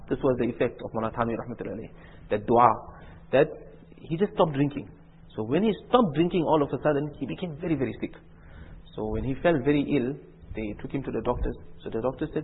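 A man's voice: mid-range voice, husky, long reverb tail. A man preaching an Islamic sermon, telling stories in earnest, repetitive phrasing and acting out the dialogue. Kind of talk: sermon with storytelling. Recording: tinny lo-fi phone-like recording.

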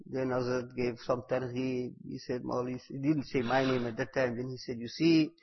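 A man giving a devotional talk, telling stories and repeating phrases for emphasis, at times bursting out loud on key words. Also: medium pitch, level tone, normal speed, husky. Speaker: religious teacher. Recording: echoey hall, dull lo-fi sound.

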